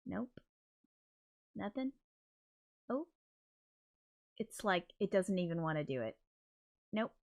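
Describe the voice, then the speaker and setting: Woman streaming live, flustered and sorry, mutters swears, middle pitch. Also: big pitch swings, slow pace, long pauses, a little mellow. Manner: flustered, apologetic, swears under her breath. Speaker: livestream host. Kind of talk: casual livestream chat.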